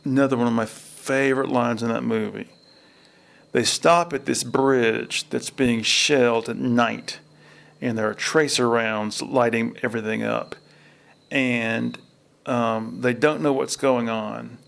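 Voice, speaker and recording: A man's voice: mid-range voice, steady tone, unhurried, gravelly, a bit bright. A man hosting a casual podcast outdoors by a river, telling rambling stories about films. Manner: rambling storyteller, acts out film quotes. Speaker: podcast host. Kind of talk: casual chat. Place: outdoors at a state park by a river.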